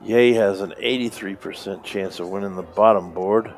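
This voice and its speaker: A man's voice: fairly low pitch, normal speed, slight background noise. Laid-back male poker commentator. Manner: relaxed, conversational calling of hands. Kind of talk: live play-by-play commentary.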